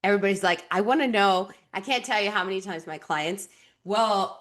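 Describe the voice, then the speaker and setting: A woman in her thirties, a relationship coach and podcast host, talking bluntly and with plenty of swearing as she tells animated stories about her clients. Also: mid-range voice, a little fast. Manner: blunt, profane, animated storytelling. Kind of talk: candid podcast conversation.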